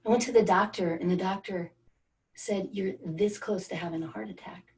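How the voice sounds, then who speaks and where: A woman's voice: medium pitch, fairly even intonation, moderate pace, a little mellow, distant mic. A woman wellness coach leading an online group through a guided energy exercise, coaxing and encouraging participants by name. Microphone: video call.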